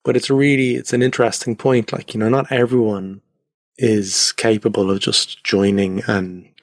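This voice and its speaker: Low-voiced man chatting from home. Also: flat delivery, moderate pace, dry recording, studio quality. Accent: Irish. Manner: reflective, loose and rambling with many fillers. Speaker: podcast guest. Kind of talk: casual conversational interview. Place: converted attic at home.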